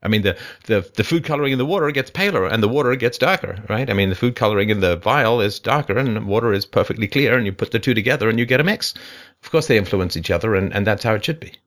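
A man's voice: fairly low pitch, fast. Emphatic man hosting a call-in show. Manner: emphatic, animated, rhetorical questions. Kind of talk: call-in advice talk.

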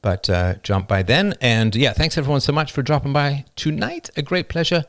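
Host, male, middle-aged, emphatic, slightly rough-voiced, mid-pitched. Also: normal speed. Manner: passionate and emphatic, reads chat messages aloud. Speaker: call-in show host. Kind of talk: live call-in philosophy show.

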